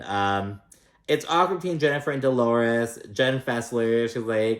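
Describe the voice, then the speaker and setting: A man's voice: mid-range voice, normal speed, roomy sound. A man giving a casual, chatty recap of a reality show, swearing freely and mimicking people's lines. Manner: chatty and profane, acts out quotes in mock voices.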